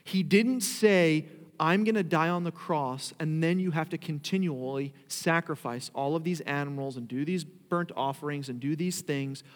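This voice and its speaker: A man delivers a sermon from the front of a church, his voice sitting a touch high for a man. He talks in a conversational way, then climbs into emphatic, drawn-out declarations. The sound carries a long hall reverb from the sanctuary around him. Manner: conversational preaching with emphatic rises. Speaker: pastor.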